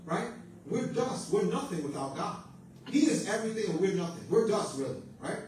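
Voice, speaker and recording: A man's voice: high voice, sing-song, moderate pace, a little mellow, slight background noise. A man preaching a sermon in a church, urging his listeners on with repeated phrases and call-and-response amens. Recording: very echoey room, mic at a distance.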